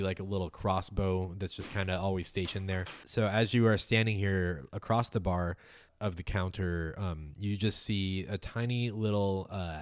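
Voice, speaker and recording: A man narrating as game master of a tabletop game in a relaxed, rambling way, full of fillers. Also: low-pitched, dry recording.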